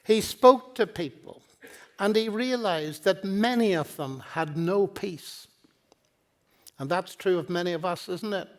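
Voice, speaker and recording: A man's voice: high voice, measured pace. An older man giving a public lecture in a university hall, earnest and pleading, telling stories with quoted dialogue. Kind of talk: public lecture on faith and science.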